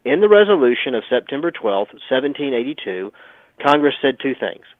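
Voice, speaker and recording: A man's voice: mid-range voice, very animated, brisk, no room sound. A man on a radio talk show telling a history story in an emphatic, sometimes sarcastic way. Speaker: radio guest. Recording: tinny phone line, dry.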